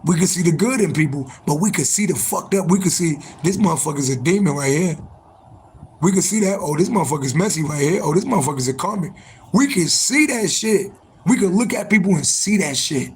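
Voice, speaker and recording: A man's voice: fairly high pitch, animated, fast, a little hiss or hum, poor audio. A man hosting a casual livestream for viewers, swearing often, repeating himself for emphasis, with a strained voice, street sirens and horns nearby. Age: adult, born in January. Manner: profane, repetitive, emphatic. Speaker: livestream host, spiritual reader.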